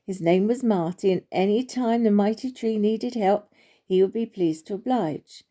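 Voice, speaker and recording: A woman with a medium-pitched voice reads a children's storybook aloud. She goes gently and unhurriedly, making small slips and restarting now and then.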